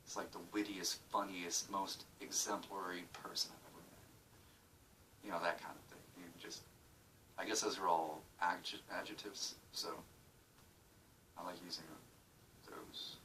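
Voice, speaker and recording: A man's voice: low voice, fairly even intonation, unhurried, long pauses, bright, forceful tone, far from the mic, slight background noise, poor audio. A man casually vlogging at home into his phone, muttering and swearing while joking about himself. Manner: profane, self-mocking, muttering. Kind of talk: casual rambling video diary. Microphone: phone camera.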